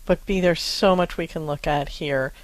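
Calm woman co-hosting a parenting show. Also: low-pitched, moderate pace, dry recording, low-quality recording. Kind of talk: advice talk.

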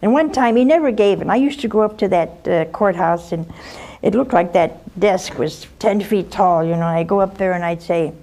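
A woman's voice: mid-range voice, moderate pace, mellow. An older woman, a nun, gives advice to a caller and tells stories from her own life in an earnest, direct way, often ending a point with "huh?" or "see?". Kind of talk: advice talk with personal storytelling.

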